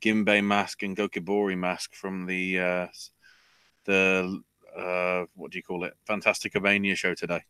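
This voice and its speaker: A man's voice: deep voice, flat delivery, moderate pace, sharp tone, smooth. A man co-hosting a podcast, rambling through wrestling news in a casual chat full of fillers. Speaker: podcast co-host.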